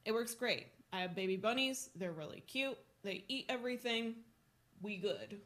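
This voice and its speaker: A young woman co-hosting a podcast, telling a story in a casual, animated way, with lots of swearing and laughter. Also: medium pitch, moderate pace. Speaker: podcast co-host.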